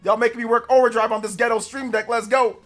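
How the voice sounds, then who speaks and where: A man's voice: extremely high pitch, level tone, quick pace, loud music behind the voice. A man hosting a live stream, chatting in a laid-back, slangy way and laughing often. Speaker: livestream host. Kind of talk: casual live-stream chat.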